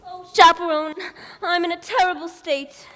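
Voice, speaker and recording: A woman's voice: extremely high pitch, fairly even intonation, normal speed, bright, forceful tone. A woman playing a flighty young starlet bride in an amateur stage musical, breathless and melodramatic. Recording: reverberant stage hall with faint noise.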